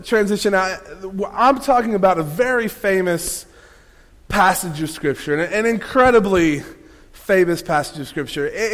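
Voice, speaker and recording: A man preaching a sermon, telling a lively personal story with playful asides to the congregation. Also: high voice. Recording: long hall reverb.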